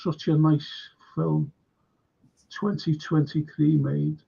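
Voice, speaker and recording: A man's voice: a little high, flat delivery, slow pace, vocal fry, warm tone, slightly rough, muffled recording. A man hosting a casual live-stream film chat, rambling and repeating himself as he reads viewer comments.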